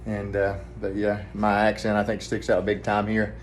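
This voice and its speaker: Hushed Southern man rambling in a hotel room. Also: fairly low pitch, level tone, fairly quick, slight background noise. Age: adult, family man with kids. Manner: rambling, hushed so neighbors won't hear. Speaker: vlogger, trucking trainee. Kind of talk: casual vlog talk.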